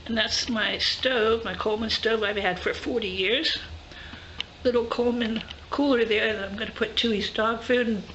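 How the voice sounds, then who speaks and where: A woman's voice: fairly high pitch, fairly even intonation, normal speed, a bit bright. An older woman vlogging casually, chatty and enthusiastic as she shows her gear, first in a garage and then outside by a car. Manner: chatty and enthusiastic, thinking aloud. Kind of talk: casual show-and-tell video. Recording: dull recording with noise behind.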